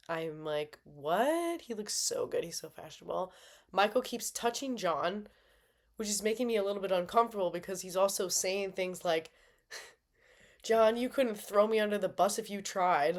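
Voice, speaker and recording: A woman giving a casual, playful recap of a fight night, bubbly and dramatic, with slangy asides. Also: mid-range voice. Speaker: MMA fan reviewer.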